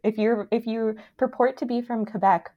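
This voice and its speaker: A young woman from Canada co-hosting a podcast, talking in a gushing, animated way full of "like" fillers. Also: on the high side, moderate pace, lo-fi sound. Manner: animated, filler-heavy, gushing fan talk. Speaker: podcast co-host. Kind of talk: casual chat.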